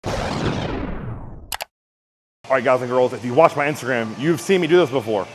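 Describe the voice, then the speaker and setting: A man coaching a shoulder exercise in a casual, energetic way, talking while he lifts and strains through the reps. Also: mid-range voice, normal speed, faint music behind, low-quality recording. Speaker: fitness coach.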